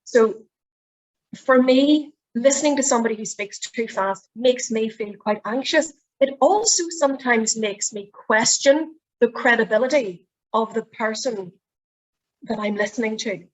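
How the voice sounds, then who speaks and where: A woman's voice: on the high side, unhurried, poor audio. A middle-aged woman with a Northern Irish accent, running a presentation skills workshop in a chatty, explaining way. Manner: chatty, explains with demonstrations of voice habits. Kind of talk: online workshop teaching.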